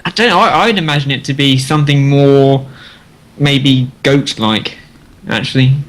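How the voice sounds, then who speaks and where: Musing man with mid pitch. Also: fairly bright tone, low-quality recording. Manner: musing, halting. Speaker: podcast panelist. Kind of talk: casual chat.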